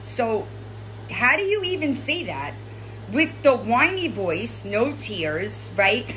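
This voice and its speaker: A woman's voice: fairly high pitch, big pitch swings, slow, a bit bright, a little hiss or hum, low-quality recording. A woman host lecturing and scolding someone directly, swearing and tagging her points with "right?". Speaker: commentary channel host. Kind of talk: confrontational commentary addressing a streamer.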